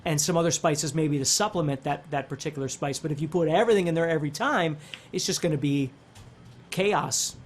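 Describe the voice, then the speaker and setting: A middle-aged man teaching guitar in a relaxed, conversational way, thinking aloud and circling back as he explains. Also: a little high, a little fast, slight background noise. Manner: animated, talks with his hands, thinks aloud with restarts. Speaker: guitar instructor.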